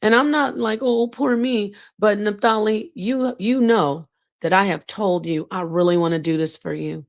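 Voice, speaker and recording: A woman with a somewhat low voice hosts a casual livestream. She talks in an emphatic, scolding way. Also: no echo. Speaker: livestream host.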